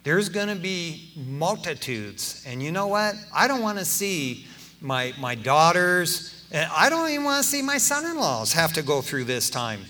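An older man preaching a sermon to his church in an animated, folksy way, dropping "man" into his sentences. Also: on the high side, normal speed, a little hiss or hum. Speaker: pastor.

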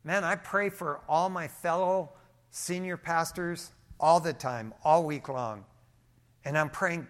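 A male pastor preaching a sermon, his volume swinging from hushed to emphatic, mixing everyday stories and light humor into Bible teaching. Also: high voice, lively intonation, measured pace.

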